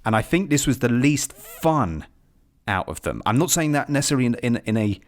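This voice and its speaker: Animated British man reviewing films. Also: medium pitch, brisk. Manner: animated, laughs often, acts out lines. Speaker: podcast co-host. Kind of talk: casual film review chat.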